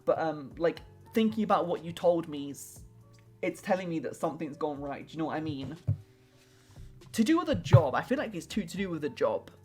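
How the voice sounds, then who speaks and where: Chatty woman streamer, low-pitched voice. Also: big pitch swings, a little fast, faint music behind. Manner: rambling, heavy use of "like" and restarts; warm and affectionate toward viewers. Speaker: streamer doing tarot readings. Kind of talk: casual live-stream chat.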